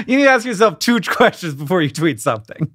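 Lively, laughing man. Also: high voice, normal speed, dry recording, studio quality. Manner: laughs easily, lively teasing banter. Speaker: podcast co-host. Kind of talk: casual chat.

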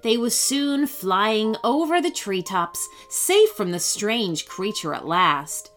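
Woman storyteller, children's story narration, slow and expressive, bright voice, faint music behind. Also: mid-range voice. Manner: expressive, animated.

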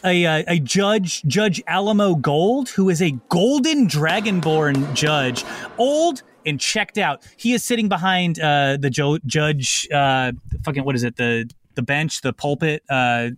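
Rambling, fairly high-voiced man as game master. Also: animated, unhurried. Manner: rambling, many filler words and restarts. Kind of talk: improvised narration of a comedy tabletop game.

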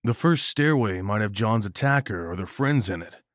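A man narrating a first-person horror story in a measured, gritty and profane way. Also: fairly low pitch, expressive, dry recording, clean studio sound.

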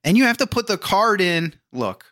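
A man's voice: high voice, sing-song, normal speed, bright, forceful tone, no room sound, studio quality. Man telling stories, laughing and swearing. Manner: laughing, profane storytelling. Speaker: podcast co-host. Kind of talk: casual chat.

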